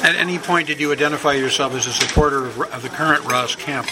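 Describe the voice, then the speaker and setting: A man interviewing people casually, halting and repeating words as he asks questions. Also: mid-range voice. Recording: loud dish and cutlery noise.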